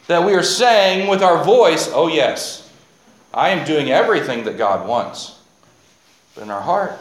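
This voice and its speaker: Animated preacher in an echoey hall. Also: male voice, mid-range voice, a little hiss or hum. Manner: animated, jokey asides, reads scripture slowly. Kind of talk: sermon with audience participation. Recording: echoey hall, faint ambience.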